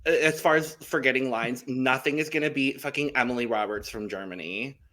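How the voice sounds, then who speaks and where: A man in casual podcast chat who keeps the conversation moving and hands off to the others. His voice is bright and sharp. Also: mid-range voice, a little fast. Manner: chatty, leads the segments. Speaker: podcast co-host.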